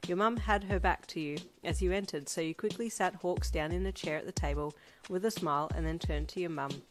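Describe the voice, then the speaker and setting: A woman reads a fan fiction audiobook in a fairly low voice, telling the story evenly and steadily. Music plays clearly behind her the whole time. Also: fairly quick. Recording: music playing underneath. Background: background music.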